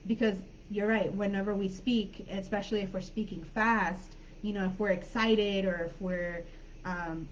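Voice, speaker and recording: A woman's voice: mid-range voice, a little mellow. Woman teacher chatting on a video call. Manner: friendly, chatty, many fillers and restarts. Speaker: English teacher. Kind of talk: live online class, casual teaching talk. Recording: slightly dull online call audio with faint noise.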